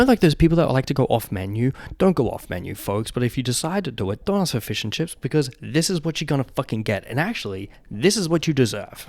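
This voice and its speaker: A man's voice: lowish voice, no echo. A young man, ranting casually in a vlog, profane and joking, often laughing. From Australia. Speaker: vlogger. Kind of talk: casual chat.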